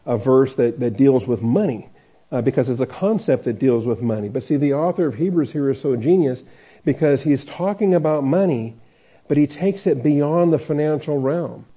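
A man's voice: mid-range voice, warm tone. A male pastor teaching a Bible passage verse by verse in a conversational way, with frequent fillers and restarts. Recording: dull lo-fi recording.

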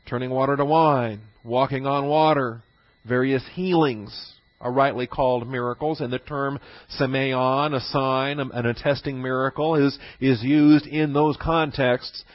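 Male Bible teacher, mid-pitched voice, deliberate and repetitive, dry close recording. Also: fairly even intonation, no echo, lo-fi sound. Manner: repeats key phrases for emphasis; poses rhetorical questions.

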